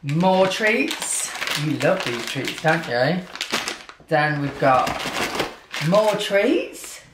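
A British man talks to his dog in a lilting baby-talk voice that swoops up and down, taking his time over every word. He's in his living room with the camera propped on a chair. The room sounds echoey, with clear background noise. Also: a little high, very animated, drawn-out words. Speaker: vlogger and dog owner. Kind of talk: casual home vlog. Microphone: camera set on a chair.

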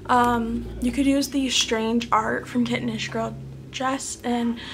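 A woman's voice: a little high, level tone, slow, vocal fry, a little hiss or hum. A woman vlogging a casual haul from her desk at home, rambling and chatty with lots of "um" and "like", sometimes dropping almost to a whisper. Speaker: planner vlogger and sticker shop owner.

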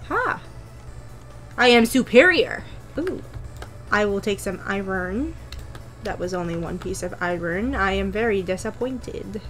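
A woman's voice: mid-range voice, expressive, unhurried, pauses often, a bit bright, soft background music. A young woman giving casual, playful commentary while playing a video game, talking to herself with jokey taunts and sudden squeals. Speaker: gaming YouTuber.

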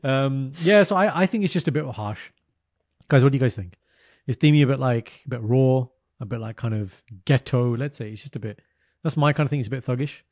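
A man's voice: mid-range voice, lively intonation, fairly quick, a little mellow. A British man co-hosting a casual podcast chat, teasing his friend and mixing in Punjabi phrases. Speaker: podcast co-host.

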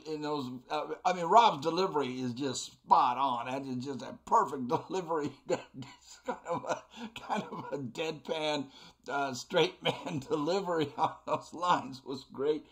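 A man playing a video game and commenting as he goes, laughing often and stammering through fillers. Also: a little high. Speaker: let's play host. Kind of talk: gameplay commentary.

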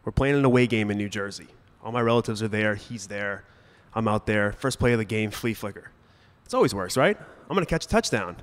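Young adult male storyteller on a stage, easygoing delivery with comic timing and sharp bursts of emphasis. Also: lowish voice, brisk, long reverb tail. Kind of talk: personal storytelling to a live audience. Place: stage at a brewery event.

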